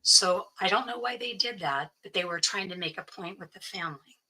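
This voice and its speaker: A woman's voice: medium pitch, a little fast, pushed and bright, breathy edge, rough recording. A woman guest recounting a personal story in an interview, earnestly quoting what others said to her. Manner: earnest, quotes others' speech as she tells it.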